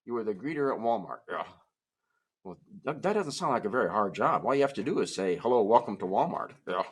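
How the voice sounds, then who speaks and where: A man's voice: on the low side, sing-song, quick pace, slightly rough. A man performing a comic ventriloquist act, talking to his puppets in playful, stammering children's show patter. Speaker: musical ventriloquist.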